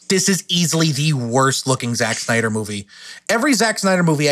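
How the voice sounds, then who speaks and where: Young man, podcast host, blunt and profane, lively pitch. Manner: blunt, profane, laughing often. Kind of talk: casual podcast discussion.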